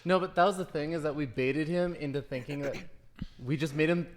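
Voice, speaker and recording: A man's voice: a little high, fairly quick, a little hiss or hum. A man casting an esports match, telling stories animatedly in casual banter. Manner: animated storyteller. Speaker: esports caster.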